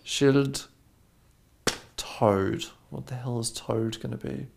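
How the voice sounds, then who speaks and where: A man co-hosting a podcast in casual chat, playful and joking, quick to laugh. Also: mid-range voice, fairly even intonation, vocal fry, noisy background. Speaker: podcast co-host.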